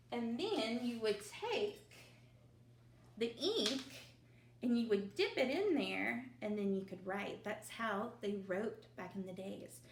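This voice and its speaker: A woman teacher, leading young children through a phonics review with slow, drawn-out drills and cheerful asides, recorded at home. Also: mid-range voice, fairly bright tone, a little hiss or hum. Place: home, at her mother's desk. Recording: echoey room.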